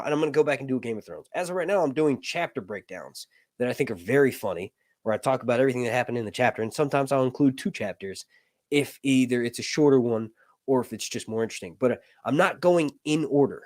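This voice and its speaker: Lively rambling American man streaming. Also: mid-range voice, fast, no room sound. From United States. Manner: rambling, self-correcting, jokey. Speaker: livestream host. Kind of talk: casual livestream chat.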